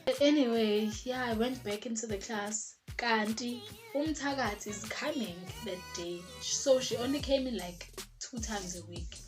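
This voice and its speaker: A woman's voice: fairly high pitch, normal speed. A young woman from South Africa with a South African accent, telling a personal story in casual storytime style and slipping Zulu words into her English. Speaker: vlogger. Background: background music.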